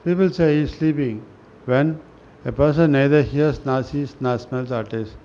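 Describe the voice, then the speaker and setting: Guy reading scripture slow and halting, stumbles on words, faint hiss behind, kinda muffled. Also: medium pitch, dark tone. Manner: halting, restarts words, clears throat. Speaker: reader of a spiritual newsletter. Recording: dull lo-fi recording with faint noise.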